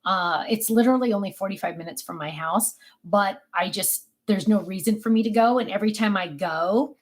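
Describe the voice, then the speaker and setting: A middle-aged woman casually chatting on a home craft livestream, reading viewer comments and rambling with many ums. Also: fairly quick. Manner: calls out to her dogs in a high sing-song voice. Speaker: livestream host of a craft channel. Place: home office.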